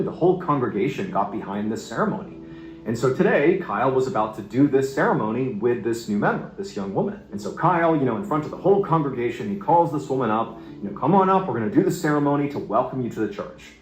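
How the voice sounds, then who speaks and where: Animated male storyteller in an echoey room. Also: medium pitch. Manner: animated, building suspense, casual asides. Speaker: storytelling narrator. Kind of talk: unscripted true-story narration.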